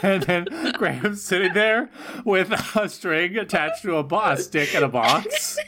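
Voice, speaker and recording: A man's voice: high-pitched, a little slow, sharp tone, slight background noise. A man co-hosting a casual recap podcast, joking and mock-scolding with a laugh. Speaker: podcast co-host.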